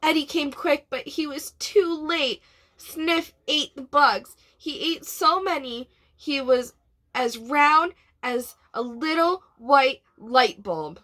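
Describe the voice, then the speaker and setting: A woman, a preschool teacher, reading a storybook aloud to children in an expressive way and asking them questions. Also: high voice, slow.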